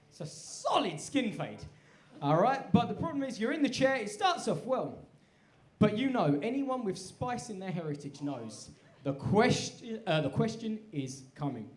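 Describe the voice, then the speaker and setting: A man doing a self-deprecating, conversational stand-up set on a stage mic. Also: sits high. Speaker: stand-up comedian. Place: live comedy venue. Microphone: handheld stage mic. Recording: echoey live venue.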